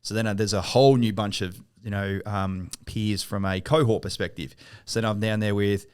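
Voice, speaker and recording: Australian man, middle-aged, lowish voice, dry close sound, swears a lot. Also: fairly even intonation, moderate pace, smooth, dry recording. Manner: swears freely, hesitant restarts. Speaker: podcast guest, former army officer. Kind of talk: casual chat.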